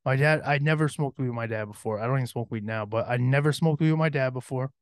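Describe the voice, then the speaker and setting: A man's voice: medium pitch, fast, dry recording, clean studio sound. A young man hosting a podcast, telling a rambling, profanity-laced story from his teen years and laughing along. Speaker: podcast host. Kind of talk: casual storytelling.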